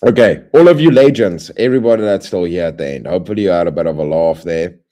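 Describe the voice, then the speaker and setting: Low-voiced guy wrapping up his stream, loose and chatty, thanking everyone with goofy slang. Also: fast talker. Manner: rambling, friendly shout-outs with playful slang. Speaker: livestream host. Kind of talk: casual stream sign-off.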